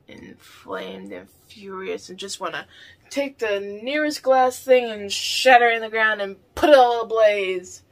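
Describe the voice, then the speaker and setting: A woman vlogger reacting to a film in a casual, rambling, excitable way. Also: on the high side, moderate pace.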